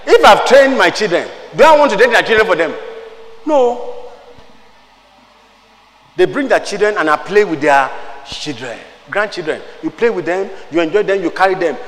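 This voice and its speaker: A man's voice: high voice, big pitch swings, moderate pace, long pauses, fairly bright tone, long reverb tail, low-quality recording. An older man preaching a sermon as pastor, with emphatic rising bursts and chatty asides. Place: church hall.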